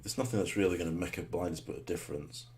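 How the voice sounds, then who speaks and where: Deep-voiced man commentating gameplay. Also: racing, vocal fry. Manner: muttered rhetorical asides with sudden excited shouts. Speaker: gamer commentating his own match.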